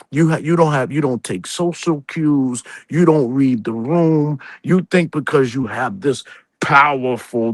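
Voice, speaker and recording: A man's voice: medium pitch, no echo. A man on a live stream, scolding another creator in a heated, repetitive rant. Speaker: accountant.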